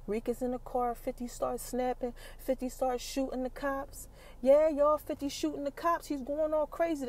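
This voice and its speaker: High-voiced woman animatedly recapping a TV episode. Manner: animated storytelling, acts out characters' lines. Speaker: podcast host.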